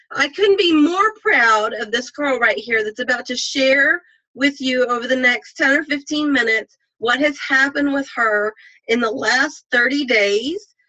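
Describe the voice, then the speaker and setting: Bright, effusive woman hosting a call. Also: sits high, unhurried, poor audio. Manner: effusive, apologetic, heaps on praise. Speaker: host of a team conference call.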